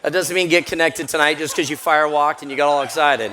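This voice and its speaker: A man giving a live motivational talk at a seminar, energetic and storytelling, often laughing. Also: a little high, fast talker, slight background noise. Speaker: motivational speaker. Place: seminar room with audience.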